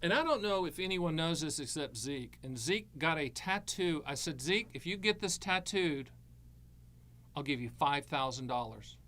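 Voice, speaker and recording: A man's voice: on the high side, lively intonation, normal speed, bright, forceful tone. A middle-aged man hosting a live Q&A as an annuity advisor, answering viewer questions with breezy, jokey salesman patter.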